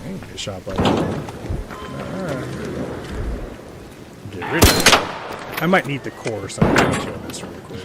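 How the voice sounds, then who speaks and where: Man streaming a game, animated pitch, chatty, yells at the game, loud game noise behind. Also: measured pace, vocal fry, pauses often. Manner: chatty, shouts and yelps at the game. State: slightly dry throat. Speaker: live streamer. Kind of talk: casual chat while playing a game live.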